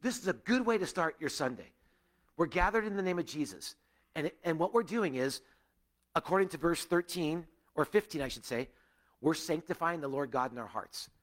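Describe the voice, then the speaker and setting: A male pastor preaching a sermon to a gathered church, earnest, rising to emphatic peaks and dropping to hushed, quiet stretches. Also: lively intonation, normal speed. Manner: earnest, swinging between raised emphasis and hushed, low passages.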